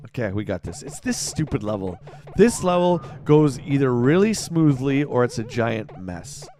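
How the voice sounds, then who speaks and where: A man giving excitable live commentary while playing a game, yelling and groaning at it. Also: mid-range voice, moderate pace, soft background music. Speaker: livestreamer.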